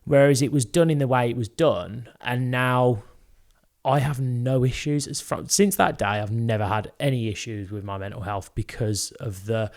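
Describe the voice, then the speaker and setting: Speaking at normal speed in a mid-range, slightly mellow voice, the same kind of young British podcast co-host shares something from his own life. The casual conversation comes across as sincere and open.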